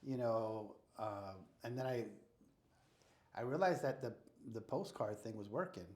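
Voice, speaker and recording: Speaking unhurriedly at a medium pitch, this American man, a real estate investor guest, spins stories in a relaxed interview and performs each line of dialogue with animation. Echo from the room is noticeable.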